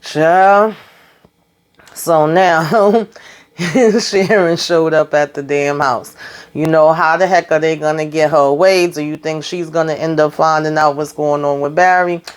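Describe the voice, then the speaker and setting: A woman hosting a casual TV episode recap, retelling scenes in a chatty, slangy way with lively asides. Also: deep voice, unhurried, clean tone. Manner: animated retelling, slangy asides, acts out characters' quotes. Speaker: TV show recap host.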